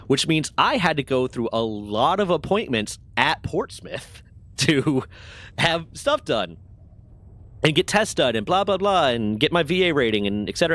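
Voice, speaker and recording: A man's voice: mid-range voice, a bit bright. A man casually telling a long story to a live chat, rambling and self-deprecating with lots of fillers.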